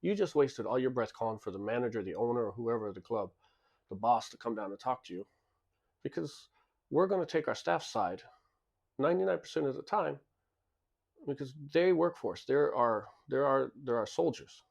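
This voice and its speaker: A man's voice: medium pitch, expressive, moderate pace, gravelly, muffled recording. A man who owns a club tells stories in a casual monologue, blunt and emphatic, often repeating words as he restarts sentences. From lives in Japan. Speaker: club and bar owner.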